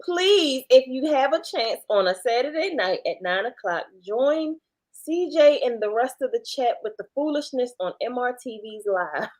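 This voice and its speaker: A woman's voice: high voice, lively intonation, normal speed, low-quality recording. A woman appearing as a guest on a live stream, thanking viewers in a friendly way. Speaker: interview guest. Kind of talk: casual live-stream chat.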